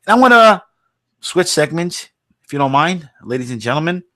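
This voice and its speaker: An outraged man rants on his own podcast, swearing hard and heating up fast. His voice sits fairly high for a man and is recorded close and dry, with no room sound. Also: big pitch swings, pushed and bright, no echo. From United States. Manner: profane, heated and outraged. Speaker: podcast host. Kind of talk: ranting podcast monologue.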